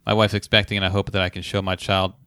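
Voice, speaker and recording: A man co-hosting a podcast, reading listener emails aloud with quick asides in casual chat. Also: sits low, flat delivery, fairly bright tone, clear, resonant tone, no room sound.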